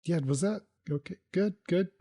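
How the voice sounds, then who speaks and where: A slightly high-voiced man running a tabletop game podcast. He narrates the scenes and asks for dice rolls in an easygoing tone. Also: moderate pace, dark tone. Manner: easygoing, reads out scene descriptions. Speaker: game master.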